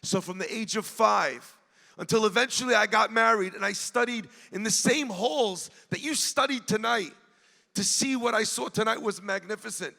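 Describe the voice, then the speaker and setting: An earnest man preaches a heartfelt sermon, speaking straight to the crowd and sinking to near whispers. His voice sits high and gravelly, with a bright, forceful edge. A long hall reverb trails his words. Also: moderate pace. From United States (New Jersey). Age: 40s. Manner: earnest, addresses the crowd directly, swells and drops to a hush. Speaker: rabbi giving a speech. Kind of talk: emotional sermon storytelling. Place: large event hall.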